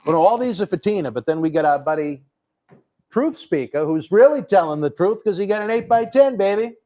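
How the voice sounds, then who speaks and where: A man's voice: sits high, lively intonation, a little fast, mellow. A man hosting a livestream, upbeat and chatty, reading out fan messages. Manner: upbeat, calls people baby. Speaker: show host.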